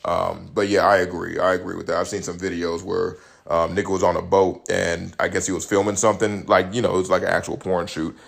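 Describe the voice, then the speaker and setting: A young man hosting a solo podcast, telling stories in a loose, profane, animated way and laughing often. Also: deep voice, fairly quick, vocal fry. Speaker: podcast host. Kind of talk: casual solo commentary.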